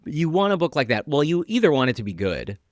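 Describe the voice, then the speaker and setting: A man's voice: on the high side, sing-song, fast, no room sound, studio quality. A man chatting casually on a podcast in a laid-back, wry way. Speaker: podcast host. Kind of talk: casual chat.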